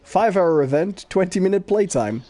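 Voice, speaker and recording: Man, podcast co-host, casual chat, dry joking riffs, laughs at own jokes, somewhat high voice. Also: lively intonation, a little fast, warm tone.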